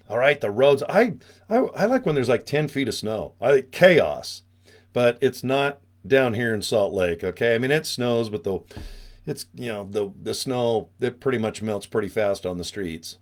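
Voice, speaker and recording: Guy almost sixty doing a live webinar, jokey rambling chat, medium pitch. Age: 50s. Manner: joking, rambling, tangent-prone. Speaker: webinar host. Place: small radio studio room.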